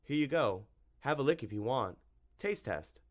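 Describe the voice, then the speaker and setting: A brash, wisecracking boy, played by a man narrating an audiobook who raises his voice higher and cracks jokes. The delivery is cocky and playful. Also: expressive, moderate pace, lightly acted. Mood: cheeky. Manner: brash, joking, raised boyish pitch.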